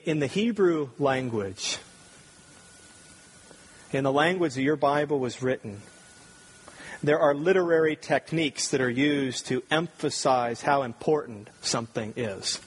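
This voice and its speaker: A man preaching a sermon with strong emphasis, swinging from loud, ringing peaks down to low, quiet stretches. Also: slight background noise. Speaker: pastor.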